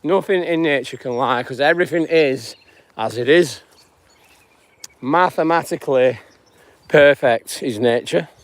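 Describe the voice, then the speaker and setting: Unhurried and given to long pauses, a man with a mid-range voice from northwest England wanders outdoor fields on a live stream. He greets his viewers and muses casually about life in a rambling walk-and-talk.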